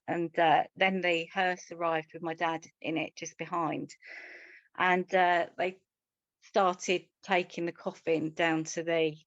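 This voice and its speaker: A woman with a slightly low voice tells personal stories in a relaxed conversation. She talks chattily and with humour, restarting her sentences now and then. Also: no echo, muffled recording. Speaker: podcast co-host.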